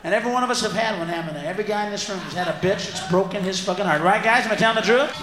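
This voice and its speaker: A man performing a crude, ranting stand-up routine live, shouting at the audience. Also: high-pitched, rapid-fire. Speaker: stand-up comedian. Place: large venue with audience. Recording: roomy live recording with crowd and noise. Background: audience laughter.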